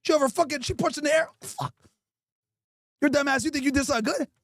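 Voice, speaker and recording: A man's voice: very high voice, fast talker, fairly bright tone, dry recording. A male host doing an improvised comedy roast, crude and mocking, hurling insults.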